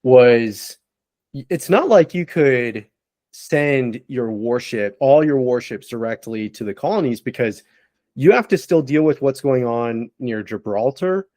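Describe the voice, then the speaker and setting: A man with a mid-range voice on a podcast panel. He talks in a measured, thoughtful way during a casual discussion. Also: medium pitch, animated, a little mellow.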